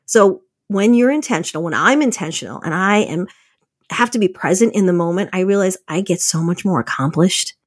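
A woman's voice: lowish voice, expressive, brisk, husky, no room sound, clean studio sound. Candid, chatty woman podcast host. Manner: candid, chatty, laughs often. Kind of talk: casual motivational talk.

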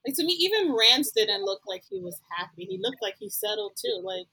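A woman's voice: medium pitch, big pitch swings, fairly quick, bright, forceful tone, husky, no room sound, poor audio. A woman chatting casually as co-host. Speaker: podcast co-host. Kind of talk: casual chat.

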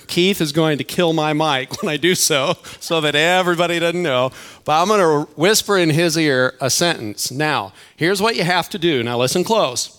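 An older man, a church elder, warms up a Sunday crowd in a relaxed, joking way, calling out to the kids and chatting as he goes. His voice sits a little high for a man, and he speaks into a mic in a church hall. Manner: playful, chatty, addresses the crowd directly. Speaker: church elder leading a children's game. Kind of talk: sermon opener with audience interaction. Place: church auditorium.

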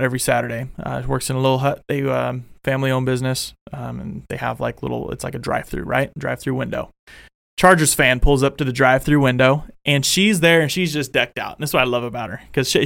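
A young man hosting a casual sports fan show, excitable and rambling, full of restarts. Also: medium pitch, creaky, dry recording, clean studio sound. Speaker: podcast host.

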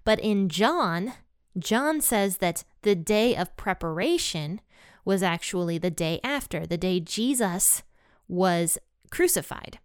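A woman's voice: medium pitch, animated, slow pace, smooth, dry recording, clean studio sound. A woman hosting a Bible podcast from home, chatting casually and upbeat with listeners and reading scripture aloud. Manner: chatty and upbeat, laughs easily. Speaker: podcast host.

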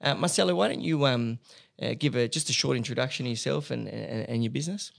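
A man's voice: medium pitch, fast talker, vocal fry. An upbeat man hosting a podcast in a chatty, casual way, laughing often. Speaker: podcast host. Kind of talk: casual chat.

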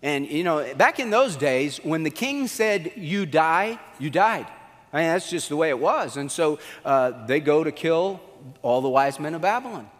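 High-pitched guy preaching, animated storyteller, big echoey church hall. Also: moderate pace. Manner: animated storytelling, acts out quotes with swings in pitch. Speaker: pastor. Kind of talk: sermon.

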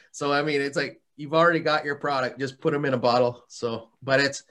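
A man talks as a guest in a casual podcast interview, his voice bright and clear at an ordinary pitch. He rambles along with frequent restarts and fillers and laughs often. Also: level tone, brisk, hardly any pauses. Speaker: interview guest, hot sauce maker.

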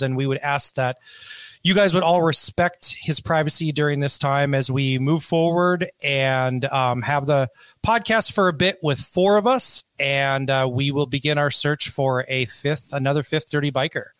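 A man's voice: a little high, fairly bright tone, no room sound. A man hosting a casual podcast, joking and loose, with plenty of fillers. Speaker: podcast host.

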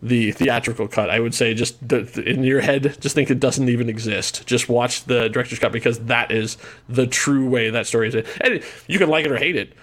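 A man co-hosting a podcast, talking through film picks in a relaxed, conversational way. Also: medium pitch, a little fast. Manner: relaxed, conversational, some restarts. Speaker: podcast co-host. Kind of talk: casual movie chat.

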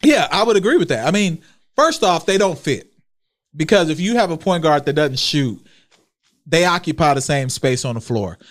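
A man from Houston with a Texas accent, co-hosting a podcast in casual chat, joking and animated, talking over the others. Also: on the high side, normal speed. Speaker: podcast co-host. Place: podcast studio.

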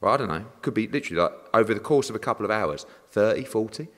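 Animated ranting man. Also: fairly low pitch, very fast. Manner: animated, swearing, ranting with acted-out exchanges. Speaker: boxing promoter, interview guest. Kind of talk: casual interview. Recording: long reverb.

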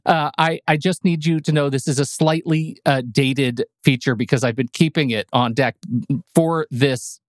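A man co-hosts a podcast in relaxed chat, teasing his partner and talking in quick bursts. His voice sits at an ordinary middle pitch. The sound is dry and close, with no room echo. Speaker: podcast co-host. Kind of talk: casual chat.

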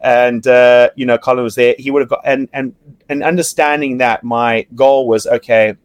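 A man talks casually as a guest, recorded dry and close with no room sound. He is animated, laughing often and swearing, and he restarts his sentences a lot. His pitch sits in the middle for a man. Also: moderate pace, no echo. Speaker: podcast guest, reality TV yacht crew member. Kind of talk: casual storytelling chat.

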